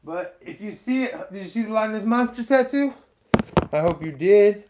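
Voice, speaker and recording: Brief: man hosting a scrappy live stream of stand-up, high voice, loose and self-deprecating, swears casually. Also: animated, moderate pace, noisy background. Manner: rambling, self-deprecating, profane. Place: indoors in front of a green screen. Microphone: webcam live stream setup.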